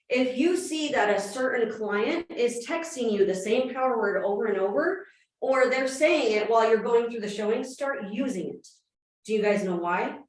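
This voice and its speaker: Woman running a real estate training, talks quick, kinda high voice, super echoey room picked up from far off. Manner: fast-talking, energetic, asks the room questions. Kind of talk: live training presentation. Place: meeting room with audience.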